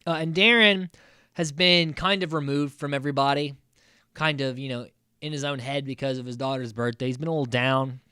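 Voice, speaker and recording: An American podcast host recaps a reality show in a casual chat, speaking at a medium pitch and a fairly quick pace with a clean tone. He is animated, acting out cast quotes, swearing casually and using lots of fillers. The recording is dry, with clean studio sound.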